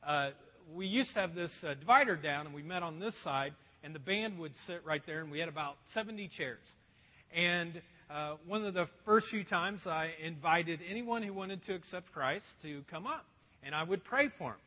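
A man pastor telling a story in a sermon, animated and poking fun at himself. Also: on the high side, normal speed. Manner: animated, self-mocking storytelling. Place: church auditorium. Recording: dull echoey hall recording.

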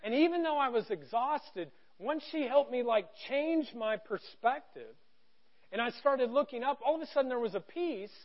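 A middle-aged man preaching a sermon from a church stage, conversational and joking, going from quiet to loud. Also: very high-pitched, animated, normal speed, lo-fi sound. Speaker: pastor.

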